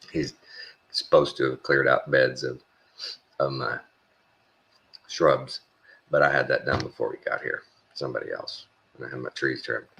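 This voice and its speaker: A man's voice: extremely low pitch, fairly even intonation, vocal fry, sharp tone. A middle-aged man from Texas, telling a rambling, blunt story in a casual rant. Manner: rambling, blunt, halting with fillers. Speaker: vlogger.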